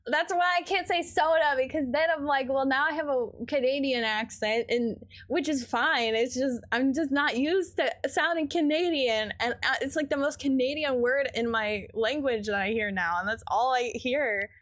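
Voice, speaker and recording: A woman's voice: sits high, moderate pace, few pauses, a bit bright. A young woman with a Midwestern American accent chatting casually with her stream chat while gaming, rambling with lots of fillers. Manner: rambling, filler-heavy, reads chat aloud.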